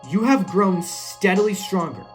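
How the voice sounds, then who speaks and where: A woman's voice: medium pitch, a little slow, soft background music. A woman playing through a video game, reading the text aloud and reacting. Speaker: game streamer.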